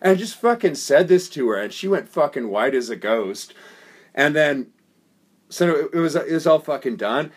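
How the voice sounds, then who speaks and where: A man's voice: fairly high pitch, moderate pace, slightly rough. A man co-hosting a podcast, telling a long story in a casual, profane way and acting out the voices of the people in it. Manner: profane, animated, acts out quoted voices. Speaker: podcast co-host.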